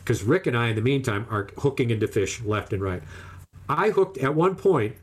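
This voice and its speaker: A man casually telling a long, animated fishing story, acting out the other people's lines in raised voices. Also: mid-range voice, moderate pace, husky.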